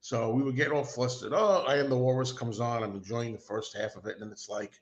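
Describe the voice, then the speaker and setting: A man's voice: mid-range voice, quick pace, few pauses, muffled recording. A man hosting a casual livestream, rambling and self-deprecating, talking as an enthusiastic fan. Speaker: host.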